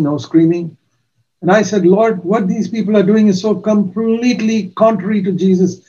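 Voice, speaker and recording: An older man preaching a sermon, giving earnest testimony with slow, emphatic pauses. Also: sits high, warm tone, dull audio.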